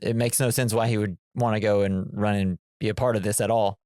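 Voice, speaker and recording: A man's voice: lowish voice, fairly even intonation, a little fast, darkish tone, no echo, clean studio sound. A man co-hosting a casual movie podcast, rambling and acting out characters' lines. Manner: rambling, acts out quoted lines. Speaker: podcast co-host. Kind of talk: casual movie review chat.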